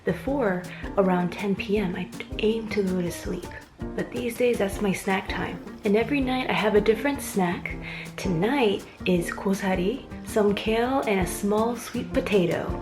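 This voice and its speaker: A woman's voice: medium pitch, normal speed, over music. A woman narrating her food vlog at home in a chatty, playful way. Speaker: food vlogger.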